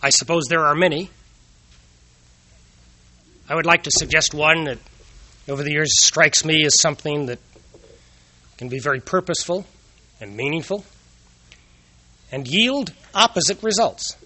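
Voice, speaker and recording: A man's voice: a little high, normal speed, long pauses, sharp tone. A man giving an earnest moral talk, telling personal anecdotes and asking rhetorical questions.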